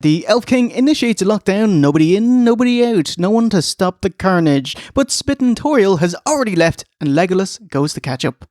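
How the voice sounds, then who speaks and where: A man's voice: high voice, expressive, brisk, few pauses, darkish tone, no room sound, studio quality. A man hosting a podcast, recapping a film in a joking, casual way and slipping into silly voices. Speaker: podcast host. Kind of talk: casual comedic film review chat.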